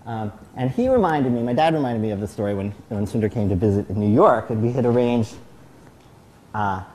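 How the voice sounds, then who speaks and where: A man's voice: medium pitch, animated, brisk, darkish tone. A middle-aged man giving an anecdotal tribute speech at a celebration, telling his story with frequent restarts. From United States. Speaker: guest speaker at a celebration.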